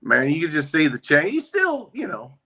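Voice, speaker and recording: A man with a bright, ringing tone tells a personal story in a relaxed, folksy manner. He often slips into quoted back-and-forth dialogue. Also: a little high, moderate pace, breathy edge. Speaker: guest, biker ministry member. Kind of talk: casual storytelling interview.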